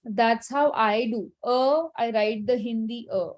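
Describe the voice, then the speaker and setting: A woman's voice: fairly high pitch, a little slow. Patient woman teacher. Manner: patient, instructive, gently firm. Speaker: French teacher. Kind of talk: online language class. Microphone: video call.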